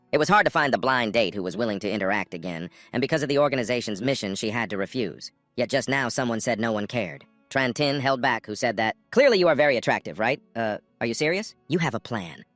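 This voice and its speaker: Guy reading a comic recap, bouncy up-and-down voice, dry close mic, soft music under it. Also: on the low side, animated, fast talker, hardly any pauses, dry recording. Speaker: recap narrator. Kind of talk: scripted story recap narration.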